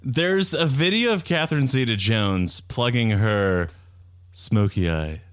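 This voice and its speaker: A man co-hosting a podcast in casual chat, campy and animated with a dry wit. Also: medium pitch, slow. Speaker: podcast co-host.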